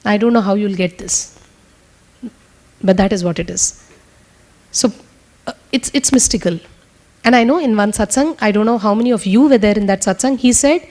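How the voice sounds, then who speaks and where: Fast-talking woman teaching. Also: on the high side, darkish tone. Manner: talks fast; earnest, testimonial. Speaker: spiritual teacher. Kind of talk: teaching a group session. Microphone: speaking to a room with translators.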